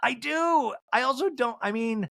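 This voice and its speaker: A man's voice: extremely high pitch, unhurried, creaky, no room sound, studio quality. A man hosting a podcast, recapping reality TV in a gossipy, comic way and breaking into impressions. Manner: animated and gossipy, with sudden impressions. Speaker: podcast host.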